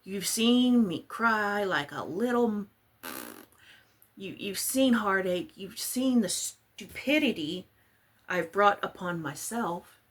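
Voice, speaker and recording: Slow-talking husky woman. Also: mid-range voice, animated, fairly bright tone. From Texas. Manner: chatty, rambling, self-deprecating. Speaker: crafting vlogger. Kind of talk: casual chat while crafting.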